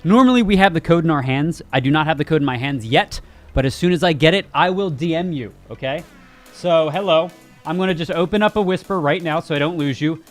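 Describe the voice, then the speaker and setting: A man hosting a live gaming news stream, joking with his viewers and laughing often. His voice sits a bit high, and faint music plays underneath. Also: brisk. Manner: joking, talks straight to chat, laughs often. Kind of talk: casual live-stream chat.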